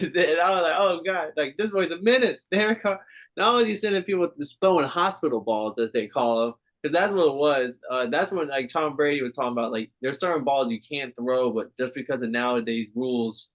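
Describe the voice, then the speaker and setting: A male podcast co-host chats casually about football at a medium pitch, talking a little fast. He's animated, swears, and laughs often as he goes.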